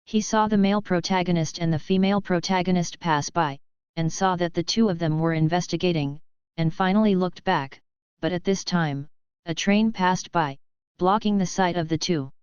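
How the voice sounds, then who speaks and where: A woman narrating a novel in an even, steady storytelling manner. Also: lowish voice, moderate pace, clear, resonant tone, dry recording. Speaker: audiobook narrator. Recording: dull lo-fi, dry.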